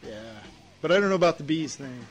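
A man's voice: fairly high pitch, fast, a crowd in the background. Man telling rowdy stories on a podcast. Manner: animated anecdotes, shouted impressions. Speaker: podcast co-host. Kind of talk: casual podcast storytelling.

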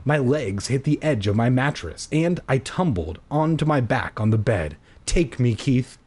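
A man's voice: medium pitch, expressive, normal speed, darkish tone, breathy edge. A man reading a horror story aloud for comedy, breaking off with jokey, self-mocking asides.

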